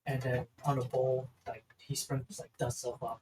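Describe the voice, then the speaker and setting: A man's voice: medium pitch, flat delivery, moderate pace, background noise. A young man playing a tabletop game, rambling through descriptions with many fillers. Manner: rambling, full of likes and ums. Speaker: player. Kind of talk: casual tabletop game play.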